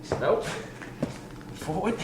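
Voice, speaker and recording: A man demonstrating warm-up drills as a fitness coach, talking with energy and counting reps as he exercises, sometimes out of breath. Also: takes it slowly. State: out of breath at times. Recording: roomy, distant mic with ambient noise.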